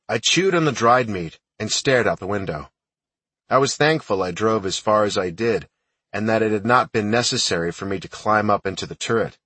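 Husky lowish guy reading an audiobook in first person, matter of fact, dry close mic. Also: expressive, normal speed, fairly bright tone, dry recording, distant mic. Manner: plain, matter-of-fact storytelling. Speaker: audiobook narrator.

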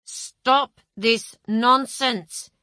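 A woman's voice: mid-range voice, big pitch swings, slow, no echo, studio quality, heavily acted. A woman voicing a pompous, restrained middle-aged husband with a schoolteacher manner, clipped and stiff. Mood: strained anger. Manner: clipped and stiff, rising to angry shouting.

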